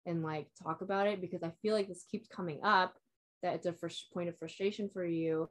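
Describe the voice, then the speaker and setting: Speaking fairly quickly with fairly even intonation, a young woman with a fairly low-pitched voice rambles through a personal story in easygoing, unscripted chat. She leans on "like" and performs quoted lines from herself and others in casual conversation.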